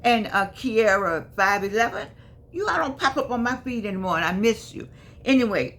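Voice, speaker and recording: A woman's voice: on the high side, animated, moderate pace, a bit bright, slight background noise. Emphatic older woman vlogger. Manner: emphatic, preachy, repeats herself. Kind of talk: casual chat to viewers.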